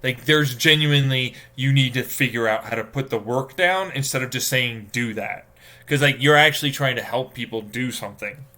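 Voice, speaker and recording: A man's voice: medium pitch, normal speed, bright, forceful tone. A man live streaming, rambling in casual talk and venting with profanity and lots of fillers. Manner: profane, exasperated ranting with many fillers.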